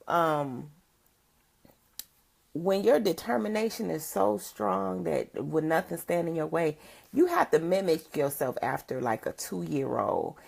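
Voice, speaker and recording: An older woman giving a casual livestream chat as a motivational speaker, with a rough morning voice. She is chatty, greets viewers by name and laughs often. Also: fairly low pitch, a little mellow.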